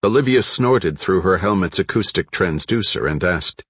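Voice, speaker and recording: A man narrating an audiobook in a steady, measured way. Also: deep voice, slightly rough, no room sound. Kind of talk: scripted narration.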